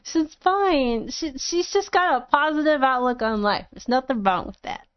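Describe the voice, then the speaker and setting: A woman's voice: high-pitched, animated, moderate pace, no room sound. A woman gushing in casual chat, swearing freely and restarting her sentences. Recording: dull lo-fi, dry sound.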